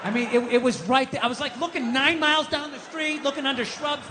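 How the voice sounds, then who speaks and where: A man performing a stand-up comedy set, ranting with lots of profanity and building up to shouted punchlines. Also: very high voice, steady tone, quick pace. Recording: live hall reverb, faint background noise.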